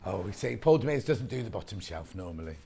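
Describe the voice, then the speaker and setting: A woman's voice: extremely low pitch, sing-song, quick pace, creaky, mellow, breathy edge. A woman presenting live on a TV shopping channel, chatting in a bubbly way and joking with the crew between product details. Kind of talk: live TV shopping sales chat. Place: TV studio.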